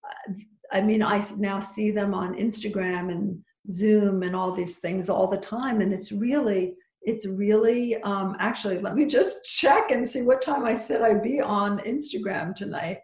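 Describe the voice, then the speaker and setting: A woman's voice: mid-range voice, measured pace, a little mellow, roomy sound. A woman talking as a podcast guest who teaches psychic workshops, chatty and full of restarts and advice. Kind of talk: casual podcast chat.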